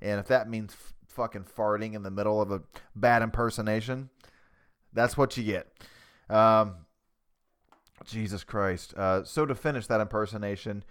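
This podcast host records in his basement with a cheap desktop USB mic, rambling casually, cursing, and poking fun at himself. He speaks at a normal speed in a lowish, smooth voice with a fairly bright tone.

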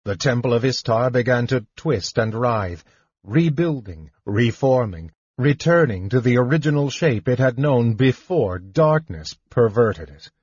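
A man narrating an audiobook in a measured, dramatic reading. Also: medium pitch, expressive, a little mellow, husky, no room sound. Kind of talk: scripted narration. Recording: dull lo-fi dry recording.

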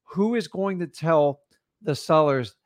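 A blunt, confident man with a slightly high voice talks through how to negotiate with sellers. His voice is close and dry, with no room sound. He speaks like a coach who has done plenty of deals. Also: animated, takes it slowly, dry recording. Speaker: real estate wholesaling coach. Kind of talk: casual coaching talk.

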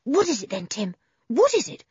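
Bossy tomboy girl, brisk commands, lively pitch, as a woman voices her, lo-fi sound. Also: breathy edge, no echo. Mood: eager.

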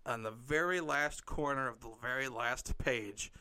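A man's voice: medium pitch, a little slow, sharp tone, clear, resonant tone. A man improvising a comic story, rambling and playful, often breaking into giggles.

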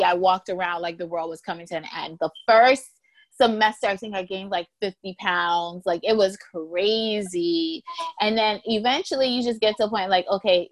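A woman lawyer as a podcast guest, telling stories in a lively, casual way and acting out quoted voices. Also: medium pitch, no echo. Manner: animated storyteller, acts out quoted voices with laughter. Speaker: guest, intellectual property lawyer.

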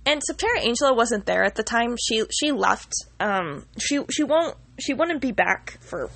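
A woman's voice: on the high side, expressive, moderate pace, vocal fry, fairly bright tone. A young woman telling a personal story casually, rambling with lots of fillers and the odd swear word.

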